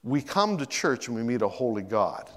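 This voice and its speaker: In a church sanctuary with a large-hall sound, a middle-aged pastor preaches a sermon at normal speed in a medium-pitched voice. He is animated, acting out quotes with sudden shifts in his voice and repeating words while he gathers his thoughts.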